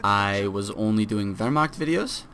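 Young guy talking over a game replay, lowish voice, chill and a bit rambly, faint hiss behind. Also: expressive, unhurried, fairly bright tone. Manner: casual, self-deprecating, with frequent fillers and restarts. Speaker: strategy video commentator. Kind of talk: game commentary.

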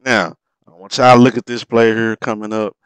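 This fairly low, resonant, clear male voice moves quickly with little change in pitch and no echo. He's commenting excitedly on vintage basketball footage in a relaxed way, dropping the ends of verbs, exclaiming a lot and laughing at errors.

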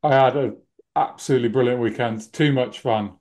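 A man's voice: mid-range voice, brisk, darkish tone. A man co-hosting a casual podcast over a remote call, jokey and self-mocking in the way he talks. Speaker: podcast co-host.

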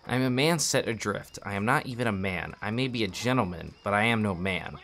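A man's voice: lowish voice, a little fast, vocal fry, fairly bright tone, slight background noise. A man reading aloud the lines of a proud, tormented nobleman who is world-weary and bitter, in an earnest, dramatic delivery.

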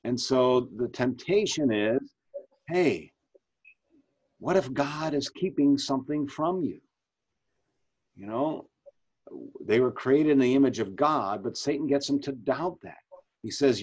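A man's voice: medium pitch, measured pace, long pauses, darkish tone. A man in his fifties, a pastor leading a Bible study discussion over a video call, talking conversationally, asking questions and often restarting his sentences. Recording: dull lo-fi video call audio.

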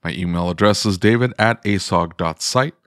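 A man's voice: low-pitched, normal speed, noisy background. A man hosting a podcast, chatting casually and teasingly with frequent restarts, then reading a scripted outro. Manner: jokey, teasing, many restarts. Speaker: podcast host.

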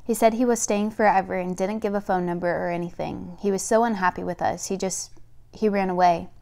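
A woman reading the lines of a sorrowful older mother who lost her son, speaking low and confidingly. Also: steady tone, fairly quick, vocal fry, darkish tone.

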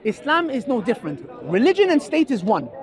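Animated high-voiced man preaching outdoors. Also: a little fast. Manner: animated, rhetorical questions to listener. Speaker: street preacher. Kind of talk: outdoor debate. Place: outdoors in a public park. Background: crowd.

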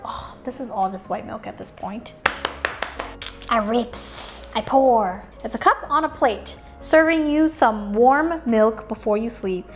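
A woman's voice: on the high side, a little hiss or hum. A woman hosting a playful toy-unboxing video, sing-song and silly, sometimes dropping to a whisper.

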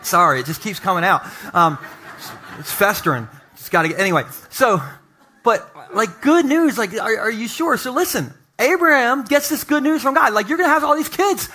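A male pastor preaching to his congregation, telling humorous personal stories with animated asides. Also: very high voice, normal speed, a little hiss or hum. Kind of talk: sermon. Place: church sanctuary.

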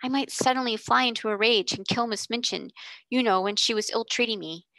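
A woman's voice: on the high side, a little fast, gravelly, a bit bright, dry recording. A woman voicing an earnest, thoughtful young girl who loves books, speaking in an eager, sincere way in a storybook reading.

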